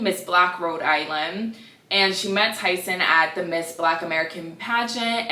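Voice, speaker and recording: A woman in her twenties hosting a casual gossip podcast, chatty and animated with sassy asides. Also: on the low side, distant mic. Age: 20s. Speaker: podcast host. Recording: echoey room, a bit off-mic.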